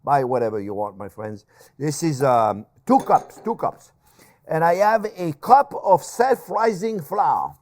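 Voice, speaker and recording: This lively older chef with a tongue hosts a cooking show and gives a casual demonstration, chatting animatedly, laughing at himself and calling viewers his friends. His male voice sits a little high and he takes his time. There's slight background noise.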